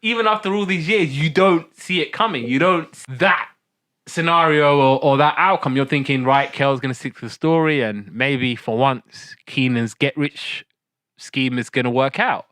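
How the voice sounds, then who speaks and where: A man hosting a podcast in casual chat, animated and laughing often as he retells cartoon scenes. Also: medium pitch, moderate pace. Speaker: podcast host.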